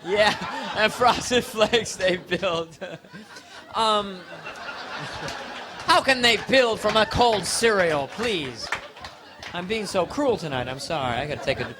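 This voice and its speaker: A man's voice: high voice, animated, slow, pauses often, background noise. Playful man teasing a comedy crowd. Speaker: stand-up comedian. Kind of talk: live stand-up comedy set.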